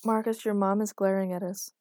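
Woman reading as a blunt curious young woman, asks everything straight out, warm voice. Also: medium pitch, flat delivery, brisk, dry recording, studio quality, natural voice. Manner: frank, curious questions.

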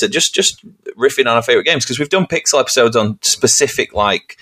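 A man's voice: medium pitch, animated, quick pace, vocal fry, pushed and bright. A tired man co-hosting a podcast, rambling, swearing and poking fun at himself. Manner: sweary, rambling, self-mocking. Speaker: podcast co-host. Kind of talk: casual chat.

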